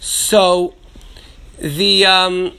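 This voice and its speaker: A man lectures through a Torah class in a high, bright voice. He thinks out loud, restarting and repeating words as he goes, and mixes Hebrew and Yiddish terms into his English. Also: little pitch movement, very slow, slight background noise. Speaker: Torah teacher.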